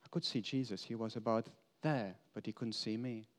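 A man giving a first-person dramatic monologue as an apostle. He tells the story earnestly, moving between emphatic lines and hushed confession. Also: on the low side, steady tone, moderate pace.

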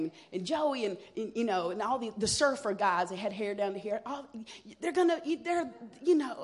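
A woman sharing her personal testimony at a church evening, telling her story with emotion, dropping to a hush and then rising loud as she acts out what people said. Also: fairly high pitch. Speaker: guest speaker sharing a testimony.

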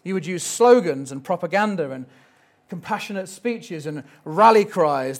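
A man giving a sermon in a gentle, reflective way, with light asides. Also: high-pitched, expressive, normal speed. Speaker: preacher.

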